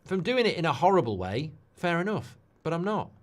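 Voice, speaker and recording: With a sing-song voice on the higher side, a man runs a live football watchalong, talking a little fast as he reacts casually to viewer comments. He's full of opinions and tag questions, and gets fired up and ranty when pressing a point.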